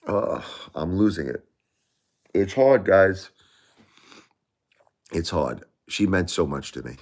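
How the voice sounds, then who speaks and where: Middle-aged male streamer, low voice, grieving and repetitive, speaks straight to viewers. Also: sing-song, very slow, long pauses. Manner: grieving, repeats himself, emotional swings. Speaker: livestream host. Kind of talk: emotional livestream talk to viewers.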